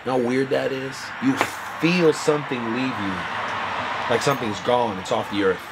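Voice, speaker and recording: A man earnestly recounting a personal story in a halting way, his voice often trailing off quietly. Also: medium pitch, heavy background noise. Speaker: interviewee telling a personal story. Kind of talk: candid personal account.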